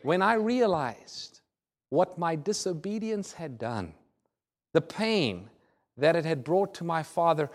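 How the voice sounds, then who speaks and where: A man's voice: sing-song, takes it slowly. Earnest preacher man telling a story. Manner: earnest storytelling, voice drops soft and low in tender moments. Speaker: pastor. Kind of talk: sermon.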